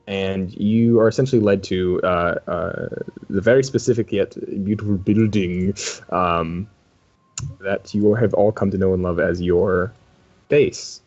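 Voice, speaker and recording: A man's voice: low voice, a little slow, darkish tone. A man running a tabletop game as game master, rambling, swearing casually and often laughing. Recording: dull lo-fi audio.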